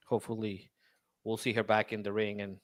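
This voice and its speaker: A man on a casual podcast who speaks softly and hesitantly. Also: on the low side, flat delivery, fairly quick, no room sound.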